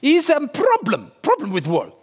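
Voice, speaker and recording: A man's voice: very high voice, huge pitch swings, moderate pace, pitched above the performer's own voice, heavily acted. A man putting on a Polish builder with a Polish accent who speaks broken English and repeats his words. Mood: fretful. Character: fretful Polish builder man, handy and sure.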